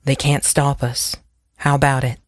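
A woman's voice: rumbling low, flat delivery, measured pace, no room sound. A woman voicing a grim, gray-haired small-town lawman who speaks firmly. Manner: grim, firm.

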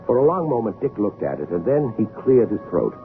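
A man narrating and acting in an old radio drama with lively storytelling. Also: on the low side, a little fast, soft background music. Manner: lively storytelling, voicing soldiers. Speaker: narrator and actor. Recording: tinny lo-fi old radio recording.

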